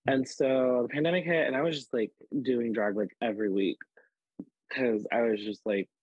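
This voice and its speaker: Husky-voiced man telling animated stories. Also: medium pitch, normal speed, no room sound, muffled recording. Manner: animated, filler-heavy storytelling with many "like"s. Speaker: podcast guest, drag performer. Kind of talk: casual storytelling chat.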